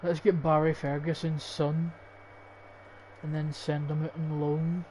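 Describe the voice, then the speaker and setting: A man's voice: a little high, flat delivery, measured pace, darkish tone, a little hiss or hum, poor audio. A young Scottish man in his late teens, casually commentating on a football game, swearing and thinking aloud as he picks players. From Scotland. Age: young adult. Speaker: gaming YouTuber.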